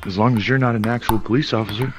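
A man with a Southern US accent, a fellow online player, laid-back and deadpan with crude boasting jokes. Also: medium pitch, quick pace, music in the background.

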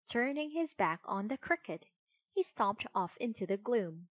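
Slow, clear woman storybook reader. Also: medium pitch, very animated, no echo. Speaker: narrator. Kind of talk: storybook reading.

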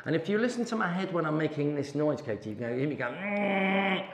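A man's voice: a little high, big pitch swings, rapid-fire. A middle-aged man teaching saxophone, chatty and encouraging as he demonstrates sounds to a student. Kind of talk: hands-on music lesson. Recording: roomy echo with faint background noise.

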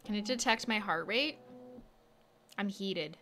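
A woman's voice: mid-range voice, lively intonation, unhurried, bright, forceful tone, a little hiss or hum. A woman live-streaming about nails, chatty and exasperated as she talks straight to her viewers. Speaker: nail art streamer.

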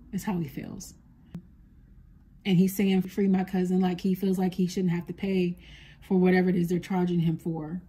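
Softly and earnestly, a woman psychic medium gives a spoken reading to her viewers, passing along what a spirit is telling her. Her voice is lowish with a breathy edge.

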